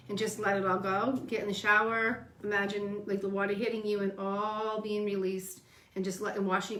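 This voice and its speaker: A woman's voice: mid-range voice, fairly bright tone, echoey room, poor audio. A woman co-hosting a casual chat, giving earnest advice in loose, rambling phrases. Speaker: co-host.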